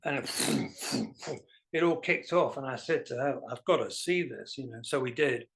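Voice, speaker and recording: A man, a guest musician telling self-deprecating stories in a relaxed interview. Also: medium pitch, a little slow, gravelly. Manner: animated anecdotal, self-deprecating. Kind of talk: casual storytelling interview.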